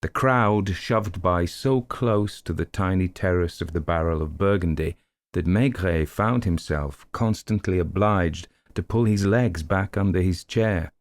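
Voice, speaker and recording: A man reading an audiobook detective story in measured, unhurried narration. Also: sits low, dry recording.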